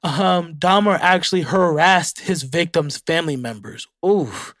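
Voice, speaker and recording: Unhurried and fairly bright, a young man's voice, a touch high for a male, carries his casual solo podcast, where he reads facts and reacts with frequent cursing. The dry, close recording has no room around it.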